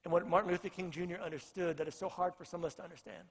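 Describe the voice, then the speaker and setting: A male pastor delivers an earnest sermon, driving points home by repeating his phrases. His voice sits fairly high. The sound carries a long reverb, as in a church sanctuary. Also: very fast.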